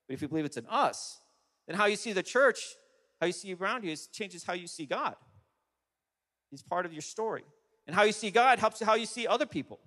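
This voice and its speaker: A male pastor preaching a sermon to a congregation, animated and emphatic, with frequent restarts. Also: high voice. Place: large church hall. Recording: long hall reverb.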